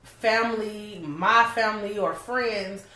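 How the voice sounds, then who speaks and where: A woman co-hosting a casual advice talk with her husband, steady and agreeing. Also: medium pitch, slow. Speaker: co-host, wife. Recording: echoey room.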